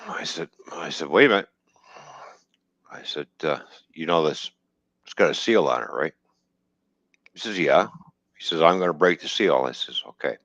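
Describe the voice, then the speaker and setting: Very deep-voiced man telling a trucking story. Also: lively intonation, normal speed, long pauses, fairly bright tone, no room sound, dull audio. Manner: swears freely, quotes dialogue, laughs while telling. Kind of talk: casual storytelling on a stream.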